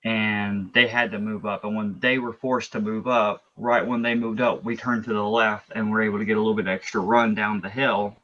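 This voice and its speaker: Low-voiced man in a rambling post-race interview. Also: level tone, normal speed, few pauses, fairly bright tone, highs cut off. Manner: rambling, explains at length with restarts. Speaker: race driver.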